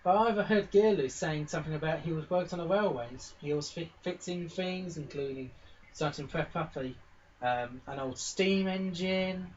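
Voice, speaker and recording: A game master voicing an energetic young farm filly pony in a pony tabletop game, talking in a breathless, urgent way. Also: mid-range voice, moderate pace, muffled recording, a little hiss or hum, natural voice. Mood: explaining.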